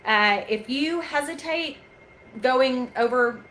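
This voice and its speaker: A woman calmly telling a staff-training story from a chiropractic front desk, patient and talkative. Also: high voice, slow, slight background noise, poor audio. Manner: calm, patient, storytelling with quoted dialogue. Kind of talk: casual staff training talk.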